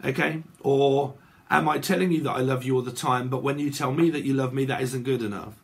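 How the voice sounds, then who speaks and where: A man's voice: medium pitch, brisk, creaky, husky. A man giving a casual tarot reading to his viewers, rambling and checking in with "okay" and "right" again and again. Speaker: tarot reader.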